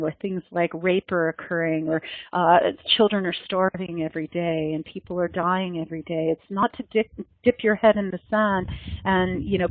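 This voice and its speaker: A woman's voice: on the low side, no echo. A woman leading a meditation gathering, speaking in an earnest, flowing way that often repeats and restarts phrases. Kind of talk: meditative spiritual talk. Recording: dry, tinny phone-like sound.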